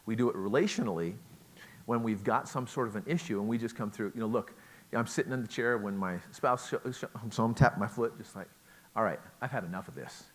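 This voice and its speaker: A man's voice: on the low side, a little fast. A middle-aged man giving a relationship talk at a conference, chatty and joking, asking the audience questions. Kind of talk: lecture to a live audience.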